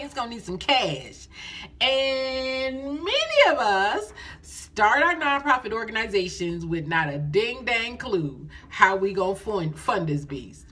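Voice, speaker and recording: A middle-aged woman coaching nonprofits on a phone live stream, lively and folksy, repeating phrases for emphasis. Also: mid-range voice, slightly rough.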